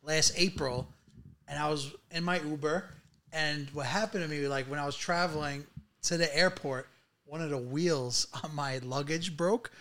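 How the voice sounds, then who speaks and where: A man co-hosts a relaxed podcast conversation. His voice sits a touch on the high side, and he tells stories in an easy, chatty way. Little laughs break into his telling. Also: moderate pace. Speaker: podcast co-host. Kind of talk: casual podcast chat.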